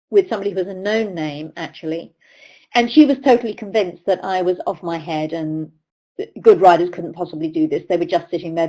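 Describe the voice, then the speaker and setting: This middle-aged British riding coach gives a webinar lecture, telling anecdotes and acting out the voices of the people she quotes. Her voice is lowish and a little mellow, and the recording is rough.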